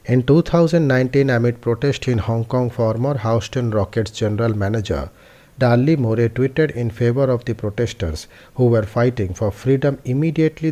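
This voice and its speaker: A man's voice: medium pitch, warm tone. Man reading a news explainer. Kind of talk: scripted news narration.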